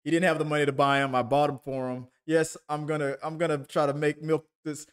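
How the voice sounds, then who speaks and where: A man with a slightly higher voice chats on a podcast over a video call. He rambles and restarts as he tells stories. He pokes fun at himself along the way. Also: flat delivery, fairly quick, clean tone. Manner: rambling, self-deprecating storyteller with many restarts. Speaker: podcast co-host. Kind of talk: casual chat.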